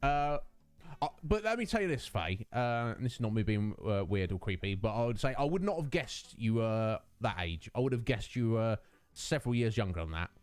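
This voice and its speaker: A young man chats casually with his viewers, drifting between thoughts and filling pauses. His pitch swings widely from low mutters to high bursts. Faint music plays in the background. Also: animated, darkish tone, clean tone, dry recording. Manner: rambling, many fillers, self-mocking. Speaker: livestream host.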